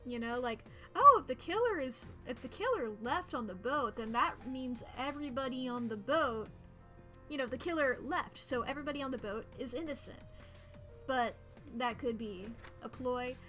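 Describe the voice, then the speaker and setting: A woman streaming a detective game, who reads its dialogue aloud and chats casually, joking and thinking out loud. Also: high voice, expressive, normal speed, soft background music. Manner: chatty, jokey, thinks out loud.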